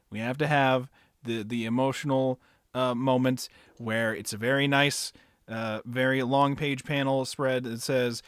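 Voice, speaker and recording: A man hosting a casual book club chat, recapping scenes and acting out lines in a high voice, swearing now and then. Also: steady tone, normal speed, fairly bright tone, no room sound, clean studio sound. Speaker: podcast host.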